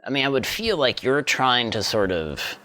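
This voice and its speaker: A man's voice: medium pitch, very animated, normal speed, bright, forceful tone. A man hosting a podcast interview, asking curious questions and often affirming the guest with short replies. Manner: curious, affirming, many brief "yeah"s. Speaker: podcast host. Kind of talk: casual interview conversation.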